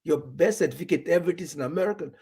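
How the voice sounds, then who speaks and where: A man from Nigeria with a slightly high, husky voice talks in a loose, rambling way. He restarts and repeats words, and he acts out little conversations as he goes. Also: rapid-fire, a little mellow. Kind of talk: casual chat.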